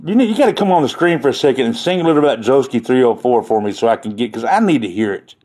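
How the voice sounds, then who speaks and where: A man's voice: mid-range voice, expressive, rapid-fire, a little mellow. A man chatting casually on a live stream, rambling and joking as he talks to his viewers.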